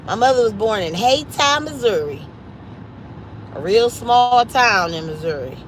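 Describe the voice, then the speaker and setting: A woman's voice: on the high side, lively intonation, a little slow, a little hiss or hum, low-quality recording. A woman from Cleveland hosting a casual livestream, chatty and upbeat, urging viewers to subscribe to friends' channels. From Cleveland, Ohio, US Midwest. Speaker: livestream host. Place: at home.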